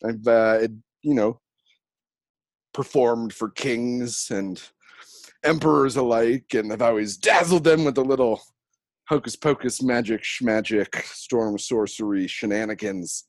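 A man's voice: mid-range voice, unhurried, no echo, clean studio sound, lightly acted. A man playing a weary showman wizard in his late sixties, speaking in a drawling, world-weary way that is grand but tired.

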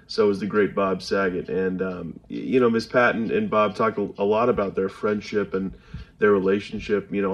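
Brief: male fan question, low-pitched, friendly, hesitant delivery. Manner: friendly, halting with fillers. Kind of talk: recorded question message.

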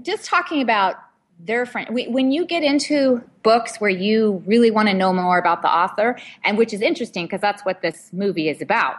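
A woman's voice: mid-range voice, lively intonation, fairly quick, hardly any pauses. A woman co-hosting a talk show and introducing topics hesitantly, with many "um" and "uh" fillers. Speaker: co-host. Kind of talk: casual talk show chat.

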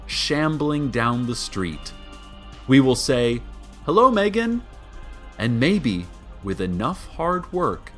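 A man narrating as a radio host, deadpan and slow, with dramatic pauses. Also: mid-range voice.

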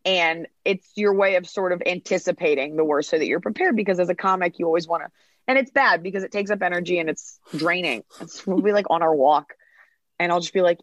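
A woman's voice: lowish voice, dry recording. Chatty woman comedian, dull dry sound. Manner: chatty, quick storytelling with acted-out quotes. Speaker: stand-up comedian, podcast guest. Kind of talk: casual interview talk.

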